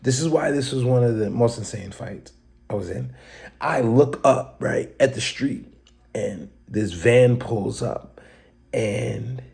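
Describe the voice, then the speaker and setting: A man's voice: medium pitch, slow, vocal fry, darkish tone. A young man hosting a podcast, telling a fight story in casual slang and acting out quotes and sound effects. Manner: slangy, street talk. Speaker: podcast host.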